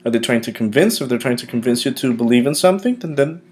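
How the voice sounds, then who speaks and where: A male teacher leads a vocabulary lesson for his students. He talks with patient encouragement and draws out each key word slowly and deliberately so the class can repeat it after him. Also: medium pitch, expressive, a little mellow. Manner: slow, deliberate modeling of pronunciation.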